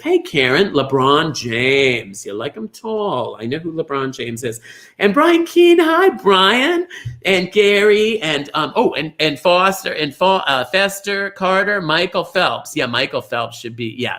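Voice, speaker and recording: A middle-aged man hosting a live online bingo show, gushing over viewers' names with sudden high squeals. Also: fairly bright tone. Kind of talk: live-streamed chatty greetings to viewers.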